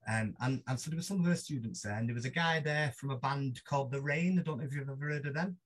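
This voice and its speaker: A man with a Mancunian accent chats as a podcast guest, slightly husky and mid-pitched. He tells his stories in a rambling, self-deprecating way, stopping and restarting his sentences as he goes. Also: fast. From Manchester, England. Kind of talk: casual interview chat.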